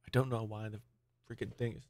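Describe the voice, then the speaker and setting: Gravelly man rambling on a live stream. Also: fairly low pitch, little pitch movement, fast, darkish tone, no echo, studio quality. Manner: rambling, distracted, talking to chat. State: angry. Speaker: tech YouTuber streaming live. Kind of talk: casual live stream rant.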